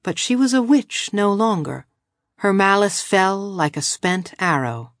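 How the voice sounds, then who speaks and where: A woman reading a novel aloud in a measured, even storytelling voice. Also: medium pitch, no room sound, studio quality. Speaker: audiobook narrator. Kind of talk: scripted narration of a novel.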